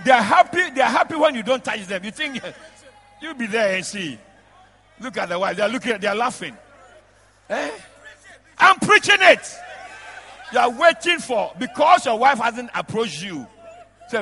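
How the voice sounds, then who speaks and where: A man, a bishop preaching a lively sermon in a large church, shouting out to the congregation and breaking into laughter. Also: extremely high pitch, normal speed, gravelly, long pauses. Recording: long reverb of a church hall.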